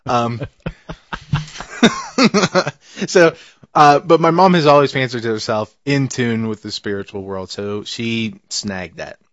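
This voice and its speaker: A man's voice: medium pitch, slow, long pauses, fairly bright tone, no echo, lo-fi sound. A man in a casual chat, telling a long family story with frequent laughter and fillers. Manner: rambling, laughing, with many fillers. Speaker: podcast co-host telling a story.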